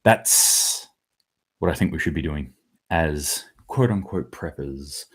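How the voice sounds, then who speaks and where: Man, very deep voice, blunt, rambling, casual swearing, solo commentary host. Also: slow pace, husky. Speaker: host of a daily preparedness news show.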